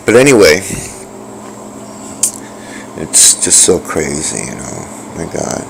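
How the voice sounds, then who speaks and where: A middle-aged man with a deep, gravelly voice tells a personal story. He stops and restarts often and fills gaps with "like" and "you know". A faint hiss sits under the recording. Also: big pitch swings. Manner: halting, repeats himself, many fillers. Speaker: vlogger. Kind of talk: rambling personal account.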